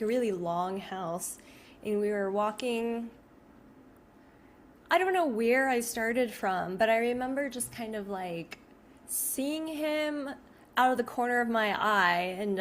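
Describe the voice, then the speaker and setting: A woman's voice: mid-range voice, a little hiss or hum. Chatty woman telling a ghost story. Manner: rambling, heavy use of "like", frequent restarts. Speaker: video creator. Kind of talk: casual storytelling to camera.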